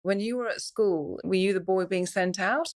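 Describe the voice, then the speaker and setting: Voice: mid-range voice, moderate pace. An interview host asking short questions and prompting the guest to tell his stories.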